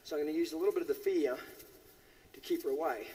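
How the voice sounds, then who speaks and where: High-voiced man teaching horse handling. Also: quick pace, warm tone, big-room sound, a little hiss or hum. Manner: asks the audience questions, keeps saying okay. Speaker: horse trainer. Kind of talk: live teaching demonstration. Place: horse arena.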